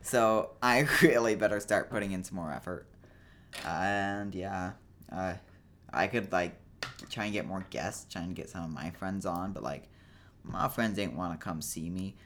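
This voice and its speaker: Young male podcast host, low-pitched, rambling deadpan jokes, casual solo talk. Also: a little slow. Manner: rambling, jokey, self-deprecating; tired.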